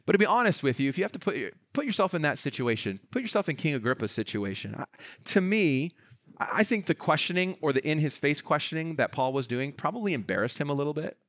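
Guy preaching a sermon, kinda high voice, acts out the bible dialogue, dry close sound. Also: very animated, fast talker, a bit bright, no room sound. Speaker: pastor.

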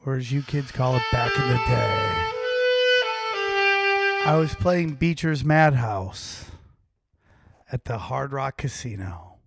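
A man's voice: mid-range voice, lively intonation, takes it slowly, vocal fry, pauses often, breathy edge. A man, a comedian guest, telling a brash, boastful story in a podcast chat while saxophone plays underneath. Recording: saxophone music playing behind.

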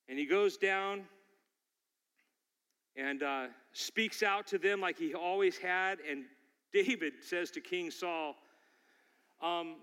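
Bright-voiced preacher in a reverberant hall. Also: male voice, on the high side, expressive, normal speed. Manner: storytelling, rising to forceful exhortation. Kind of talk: sermon.

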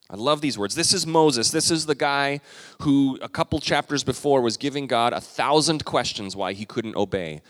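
A male pastor preaching a storytelling sermon at an average pitch. His voice rings out with a long reverb in a large hall. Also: a bit bright. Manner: storytelling, acts out quotes.

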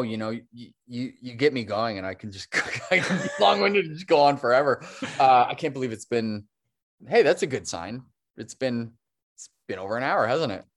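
A man talking as a guest on a podcast interview, rambling and restarting his sentences, laughing easily. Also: mid-range voice. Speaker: guest, stop-motion animator.

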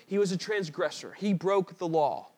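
Earnest high-voiced male preacher. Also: lively intonation, moderate pace, a little mellow. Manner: earnest, emphatic preaching with slips and restarts. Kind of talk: sermon with a read-aloud story passage.

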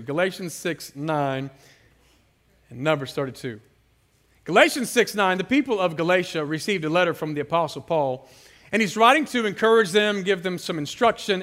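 Guy preaching, high bright voice, playful stories, gets the crowd to shout back. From San Francisco area. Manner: animated, playful storytelling with call-and-response. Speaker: guest pastor. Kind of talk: sermon.

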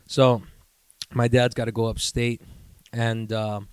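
A man's voice: mid-range voice, level tone, slow pace, smooth, no room sound. A young man from the New York area hosting a podcast, telling a rambling, profane story in casual chat and laughing as he goes. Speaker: podcast host.

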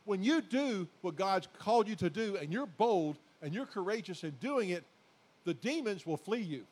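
Man, pastor, sermon, high-pitched voice, folksy, repetitive exhortation. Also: lively intonation, moderate pace. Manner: exhorting, repetitive, builds to loud emphatic declarations; folksy, addresses the congregation as folks.

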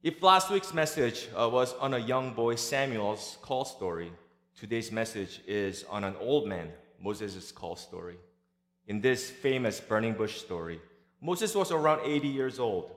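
A male pastor delivering a sermon at a measured, deliberate pace, with a touch of light humor. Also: on the low side, lively intonation. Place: large church sanctuary. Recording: echoey church hall with long reverb.

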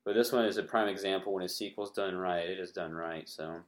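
Man, lowish voice, podcast co-host, casual movie chat, laid-back. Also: steady tone, brisk.

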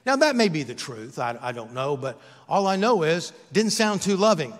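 A pastor preaching in his own church, and his voice sits a little high for a man. He talks to the congregation in an easy, conversational way, with jokes and self-mocking asides. The sanctuary adds a long, ringing reverb to every line. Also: very animated, normal speed, few pauses. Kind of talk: sermon.

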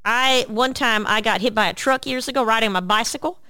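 A woman's voice: on the high side, a little fast, pushed and bright, smooth, no echo. A woman hosting a casual comedic chat, brash and joking as she tells graphic stories. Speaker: host.

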